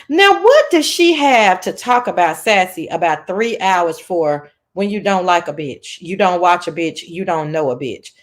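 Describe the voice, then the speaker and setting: A woman's voice: mid-range voice, normal speed. A woman hosting a casual livestream chat, brash and profane, telling stories with lots of energy. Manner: brash, profane, animated storytelling. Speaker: livestream host.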